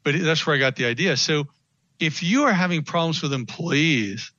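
A man's voice: on the high side, normal speed, dry recording, muffled recording. A man, a business consultant, speaking as a guest in a radio interview, telling stories and acting out what people said. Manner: animated storytelling, acts out quotes.

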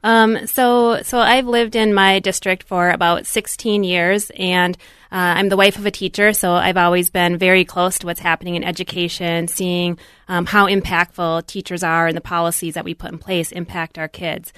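A woman school board candidate speaking as a guest on a radio talk show in a studio, measured and polite, with some filler words. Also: on the low side, level tone, a bit bright, clear, resonant tone, no room sound. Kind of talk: radio interview.

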